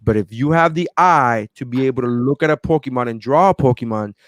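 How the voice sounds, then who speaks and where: A man in his thirties co-hosting a podcast, telling a story in a lively, animated way and acting out other people's voices. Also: mid-range voice, fairly quick, no echo, clean studio sound. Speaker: podcast co-host. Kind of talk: casual chat.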